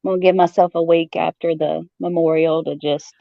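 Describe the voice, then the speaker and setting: A Southern American woman with a deep, gravelly voice chats casually as a guest, telling stories at normal speed with a flat delivery. She acts out the voices of people in her tales and laughs often. The recording has no echo, and the highs are cut off.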